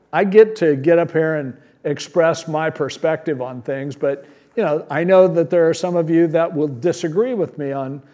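A man's voice: a little high, a little mellow. A man preaching a sermon as pastor, teaching verse by verse in a conversational, plain-spoken way and asking rhetorical questions.

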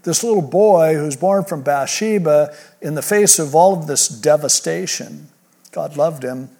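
A man's voice: fairly high pitch, a little slow, warm tone. A man preaching a verse-by-verse sermon, reading scripture and then retelling it in casual, conversational speech. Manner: reads scripture aloud then paraphrases it in casual modern speech; conversational, with restarts. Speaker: pastor. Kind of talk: expository sermon.

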